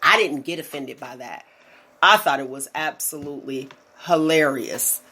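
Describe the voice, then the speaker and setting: A woman in her forties telling stories in casual chat as a podcast host, animated and often laughing. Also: deep voice, normal speed. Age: 40s.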